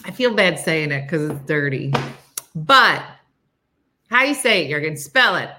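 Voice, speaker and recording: A woman's voice: low-pitched, animated, unhurried, noisy background. A woman hosting a casual morning live stream, chatty and rambling, laughing often and reading viewer comments aloud.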